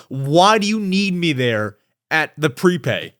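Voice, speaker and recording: Excitable young man hosting a podcast. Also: normal speed. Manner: excitable, swings into high exasperated rants. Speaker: podcast host. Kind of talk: casual solo podcast ramble.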